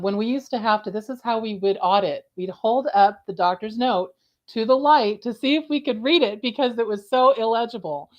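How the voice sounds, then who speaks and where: A middle-aged woman on a coding and compliance panel, telling stories in an animated way and laughing often. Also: mid-range voice, dull audio. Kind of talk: casual panel discussion.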